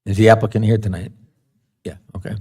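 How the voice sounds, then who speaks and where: Brief: male board chair, low voice, procedural and genial. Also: fast, breathy edge. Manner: procedural, relaxed and friendly. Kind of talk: chairing a public meeting. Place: public meeting room.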